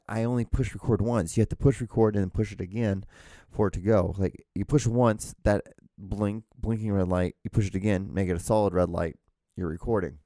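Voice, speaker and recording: A man's voice: fairly low pitch, dark tone, no echo, studio quality. A man hosting a casual solo podcast from a small room at home, rambling with restarts and the odd swear word. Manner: rambling, self-interrupting, with frequent restarts and swearing. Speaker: podcast host. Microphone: podcast microphone.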